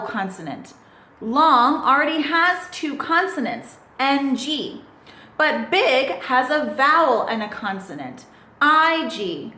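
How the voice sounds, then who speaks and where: A woman's voice: high voice, bright, forceful tone. A woman teaching English grammar in a recorded lesson, patiently spelling out letters and asking the listener questions. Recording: echoey room.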